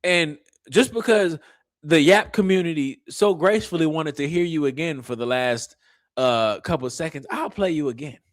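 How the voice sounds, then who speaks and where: A man's voice: a little high, moderate pace, no room sound, clean studio sound. A man hosting a casual reaction commentary, who teases and mocks in loose, slangy talk. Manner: animated, teasing, mocking, loose slangy talk. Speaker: commentary channel host.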